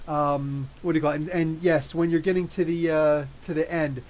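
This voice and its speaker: Excitable, rambling man reviewing a movie live. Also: fairly high pitch, moderate pace. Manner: excitable, rambling, many restarts and fillers; reads and answers live chat comments. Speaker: YouTube comics channel host.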